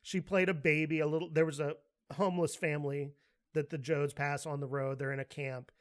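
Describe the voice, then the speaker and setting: Animated podcast host man, high voice. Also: fairly quick, clean tone. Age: adult, with a daughter. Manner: animated storyteller, laughs often, acts out quotes loudly. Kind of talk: casual chat.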